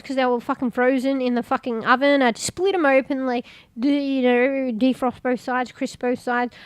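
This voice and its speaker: A woman's voice: high voice, fairly bright tone, no echo. A woman, chatting casually and rambling while streaming, swearing offhand and sounding congested.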